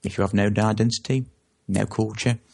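A man with a lowish, creaky, slightly rough voice and a darkish tone talks fairly quickly in a steady way. As a guest in a conversational interview, he rambles at length and keeps correcting himself mid-sentence.

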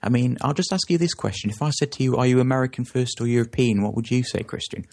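A man's voice: mid-range voice, fast talker, gravelly, a little mellow. A man speaking as an interview guest, talking at length and often stopping to correct himself mid-sentence. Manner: rambling, with frequent self-corrections. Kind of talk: conversational interview.

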